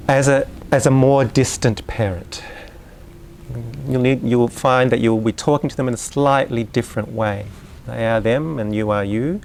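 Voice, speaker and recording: Man giving a relaxed, chatty lecture. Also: mid-range voice, slight background noise. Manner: conversational, unhurried, with asides and questions to the audience. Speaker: lecturer on Waldorf education. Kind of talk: live lecture to an audience. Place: live lecture venue.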